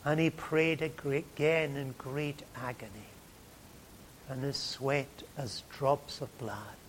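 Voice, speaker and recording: Slow, dramatic male preacher. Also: medium pitch, fairly even intonation, a little hiss or hum. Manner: dramatic, swings from hushed to loud. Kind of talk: sermon.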